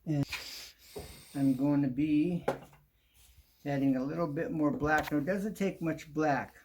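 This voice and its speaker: Working through a home improvement how-to, the host talks casually and keeps saying "kinda". He's a man with a voice on the high side and an unhurried pace, and background noise is present.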